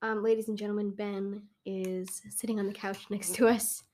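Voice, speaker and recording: A woman's voice: medium pitch, little pitch movement, moderate pace, darkish tone. A young woman co-hosting a casual podcast, reading posts aloud with a playful, giggly manner. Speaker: podcast co-host.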